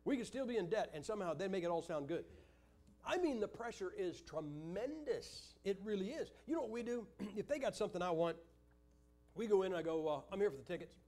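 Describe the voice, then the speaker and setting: Older man, preacher, joking anecdotes, slightly high voice, church setting. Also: expressive, moderate pace, mellow. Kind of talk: humorous Sunday school teaching.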